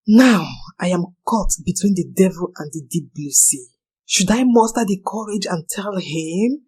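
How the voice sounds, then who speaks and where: A woman's voice: on the low side, dark tone, husky. A young woman narrating a personal confession in an earnest, anxious manner.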